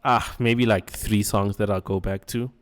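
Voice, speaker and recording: A man's voice: on the low side, fairly even intonation, unhurried. A man co-hosting a podcast in casual chat, laid-back, laughing often and trailing off. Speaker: podcast co-host.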